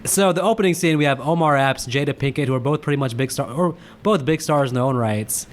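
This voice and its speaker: A man's voice: mid-range voice, fast. A man co-hosting a casual movie podcast, chatty and rambling as he shares film trivia. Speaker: podcast co-host.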